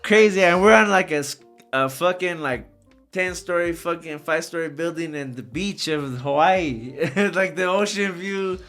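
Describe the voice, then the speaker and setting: Soft background music plays as a podcast guest from the Socorro area spins profane, slangy, animated stories about his travels. He speaks at normal speed in a fairly high-pitched voice.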